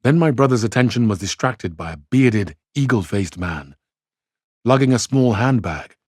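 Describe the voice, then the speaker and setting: A man's voice: fairly low pitch, darkish tone, husky, dry recording, clean studio sound. A Scottish man who reads a novel aloud and explains it for exam study, talking conversationally with frequent restarts. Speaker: English literature teacher.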